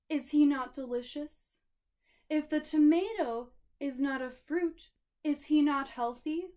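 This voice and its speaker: A woman doing Old Man Produce, a slow, solemn sage. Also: sits high, mellow. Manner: grand, slow, riddling pronouncements.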